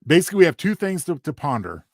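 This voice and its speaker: A man co-hosts a casual review show and explains his ideas in a relaxed way. His voice sits a little high for a man. The recording is dry and close. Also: fast, gravelly, no room sound. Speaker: podcast co-host.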